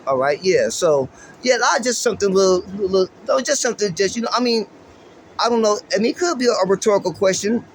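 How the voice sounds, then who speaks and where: This LA man hosts a podcast of casual street-slang musing, drifting along easily while swearing freely and leaning on slang and fillers. He has a high-pitched voice, and a faint hiss or hum sits under the audio.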